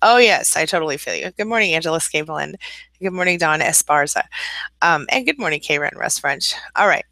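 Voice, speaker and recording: A woman's voice: deep voice, expressive, brisk, vocal fry, sharp tone, dry recording. A woman hosting a casual live-stream coaching chat, laughing often, greeting viewers by name and giving encouraging advice. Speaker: life coach and channel host.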